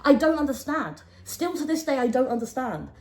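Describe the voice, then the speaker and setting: A young woman hosting a casual storytime podcast, talking animatedly and dropping low and hushed when she quotes people. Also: moderate pace. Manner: animated, swings between raised exclaiming and low, hushed quoting. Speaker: podcast host.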